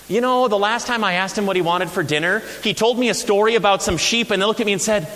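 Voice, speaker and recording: A man delivers a lively sermon, his fairly high voice leaping up and down as he tells funny, animated stories. The sound carries a long echo from a big hall, with a faint hiss underneath. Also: a little fast. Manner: animated storytelling with humor. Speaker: pastor.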